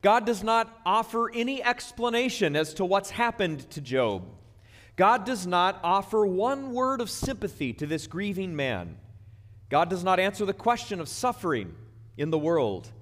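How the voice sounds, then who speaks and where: A male pastor preaching a sermon in a church sanctuary, emphatic and conversational, slowing down to stress key words. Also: sits high, a bit bright, long reverb tail.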